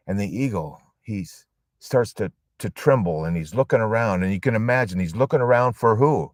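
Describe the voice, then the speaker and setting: In a very low, animated voice, a man tells a storytelling sermon to a support group, driving his points home with emphatic phrasing and long dramatic pauses. The recording is dry and close-miked, with no echo.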